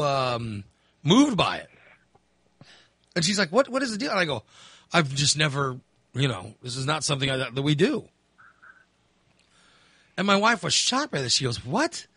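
A man's voice: a little high, bright, forceful tone, breathy edge, dry recording. A man in his fifties, hosting and telling a candid, rambling story in casual chat. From Texas. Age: 50s. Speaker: host.

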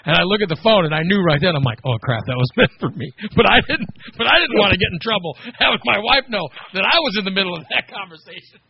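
A man's voice: sits high, expressive, quick pace, gravelly, hardly any pauses, husky, lo-fi sound. A man on a podcast telling a story in a casual chat, acting out the quoted lines and laughing as he goes. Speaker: podcast co-host.

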